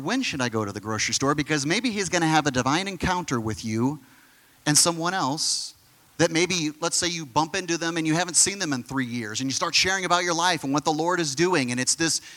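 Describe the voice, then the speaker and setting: A man's voice: fairly high pitch, sharp tone. A man pastor preaching a conversational sermon, full of fillers and questions to the congregation.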